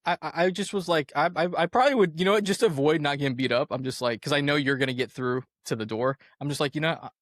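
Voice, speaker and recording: A man's voice: a little high, quick pace, hardly any pauses, fairly bright tone, no room sound, clean studio sound. A young adult man hosting a podcast, chatting casually and animatedly about a movie, often laughing as he retells scenes. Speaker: podcast host. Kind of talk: casual movie review chat.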